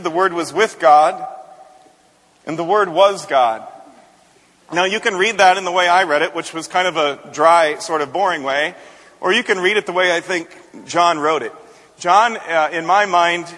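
A man's voice: high-pitched, bright, forceful tone, long reverb tail. A man, a senior pastor, preaching a conversational sermon and often repeating words as he builds a point.

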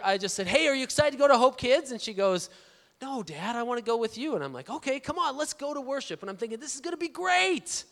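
A man in his thirties preaches with a high, bright-pitched voice, telling a personal story in an easy, animated way. He calls out for amens from the congregation. The sound rings with the long reverb of a large church auditorium. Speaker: pastor. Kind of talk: storytelling sermon.

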